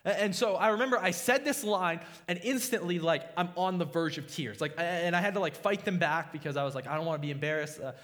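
A man's voice: high-pitched, fast, hardly any pauses, fairly bright tone. A young man preaching a sermon as a pastor, earnest and confessional, often restarting his sentences.

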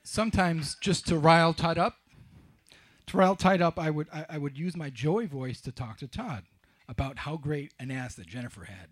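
A middle-aged man telling a wry, self-mocking personal story on stage, with halting restarts. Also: fairly high pitch. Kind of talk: live storytelling.

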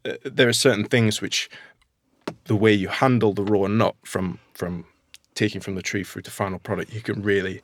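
A man's voice: fairly low pitch, steady tone, moderate pace, a little hiss or hum. A man with a Northern English accent in a casual podcast conversation, talking enthusiastically with lots of restarts and fillers. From Northern England. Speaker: nut producer and guest.

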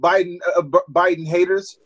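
Co-host, male, high voice, emphatic and profane, rhetorical ranting. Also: level tone, normal speed, rough recording. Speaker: podcast co-host. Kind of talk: casual political chat.

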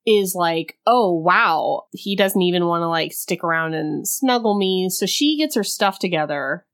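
A woman's voice: fairly low pitch, animated, moderate pace, clean tone. A woman co-hosting a podcast in casual chat, chiming in with short reactions and laughs and retelling the plot. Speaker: podcast co-host.

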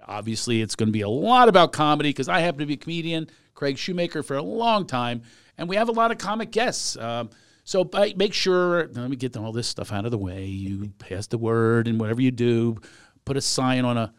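Older man, podcast host, comedian, chatty and jokey, mid pitch, dry sound. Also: lively intonation, a little fast, smooth, no room sound. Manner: chatty, jokey, laughs often. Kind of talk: casual chat.

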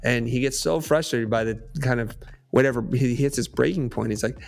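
A man talking as a podcast guest and coach, telling stories in an animated, emphatic way. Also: mid-range voice, fairly quick, gravelly. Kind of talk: storytelling in conversation.

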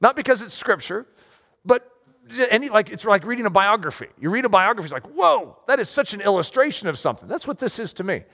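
A man preaching a sermon, talking in a lively, conversational way with self-deprecating asides. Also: sits high, fast talker, gravelly, long reverb tail. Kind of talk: sermon with story reading.

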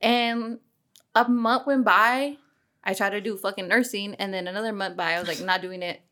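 Young woman host, bright forceful voice, blunt swearing, quick laughs. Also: mid-range voice, steady tone. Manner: candid, swears freely, laughs often. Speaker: podcast host. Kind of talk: casual chat.

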